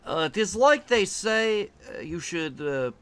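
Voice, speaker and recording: A man's voice: high-pitched, big pitch swings, measured pace, fairly bright tone, faint music behind, voice pushed up, heavily acted. A man putting on a fake French accent as a prim, condescending Frenchman who teases. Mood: teasing. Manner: teasing, prim.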